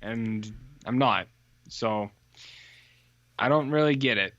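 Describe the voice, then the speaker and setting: A man co-hosting a podcast, chatting casually and rambling through deadpan stories. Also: mid-range voice, slow pace, no room sound, dull audio. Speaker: podcast co-host. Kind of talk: casual chat.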